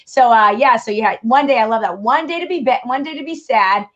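A woman hosting a casual interview chat, quick and supportive, with frequent affirmations. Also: fairly high pitch, fairly bright tone. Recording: dull lo-fi sound.

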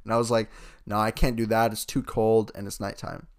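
A man's voice: lowish voice, level tone, brisk, clear, resonant tone. Giggly teenage guy telling a rambling story. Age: late teens. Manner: rambling storytelling, laughs a lot, swears freely. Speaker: podcast co-host. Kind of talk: casual chat.

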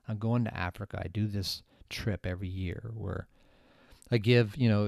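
A man hosting a podcast, giving a motivational talk with lively storytelling that swings between loud emphasis and hushed asides. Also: on the low side, no room sound, clean studio sound. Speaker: podcast host.

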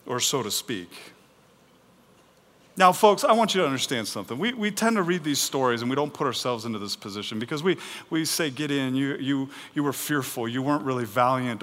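A man preaching a sermon in an animated way, swinging between loud and soft and acting out the voices in the story. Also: medium pitch, normal speed, in a large hall. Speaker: pastor.

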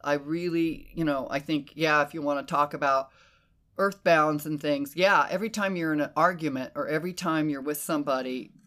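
A woman hosting a casual conversation, animated and emphatic, who swears freely and slips into quoted inner voices. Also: low-pitched, a little fast. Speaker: podcast host.

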